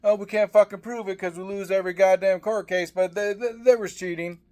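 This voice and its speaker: A whining, exaggerated sore-loser politician, as a man mocks him in a rant pitched far above his own voice. The whine is sneering and overblown. He cries foul in a nasal, petulant parody. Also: steady tone, fairly quick, mellow, natural voice. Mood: whiny mocking. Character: whiny mocking caricature of a sore-loser male politician.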